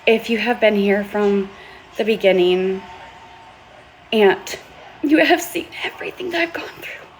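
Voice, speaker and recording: A tearful woman talks to her viewers in a raw, gravelly voice that frays into fry. She pleads earnestly and stumbles over restarts. Now and then she swears as the emotion spills over. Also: fairly high pitch, slight background noise. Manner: impassioned, swears, halting restarts. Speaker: vlogger and author. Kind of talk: emotional vlog monologue.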